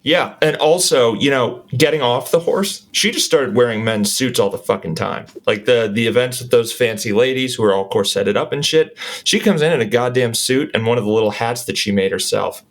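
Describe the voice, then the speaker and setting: A man's voice: mid-range voice, normal speed, few pauses. A man co-hosting a comedy history podcast, chiming in with laid-back, crude banter. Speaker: podcast co-host. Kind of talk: casual comedic history chat.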